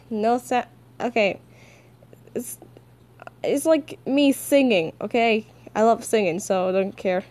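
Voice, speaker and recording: A woman's voice: a little high, lively intonation, unhurried, dark tone. A woman chatting casually about her comic dubs as a VTuber, in a rambling, self-amused way.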